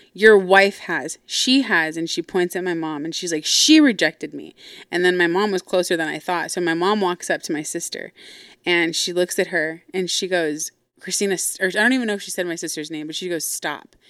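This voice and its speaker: A woman's voice: fairly low pitch, fairly even intonation, fairly quick, a bit bright, dry recording, clean studio sound. A woman hosting a podcast and recounting a family confrontation in a blunt, heated, casual way, swearing often and acting out what others said in her own voice. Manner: acts out quoted people in her own voice. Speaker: podcast host. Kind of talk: casual storytelling.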